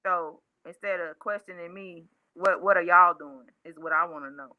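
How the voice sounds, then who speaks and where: A woman's voice: on the low side, normal speed, dry recording, phone-quality sound. A woman joining a live talk show as a guest, blunt and challenging, firing rhetorical questions back at her critics. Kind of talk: casual heated call-in talk.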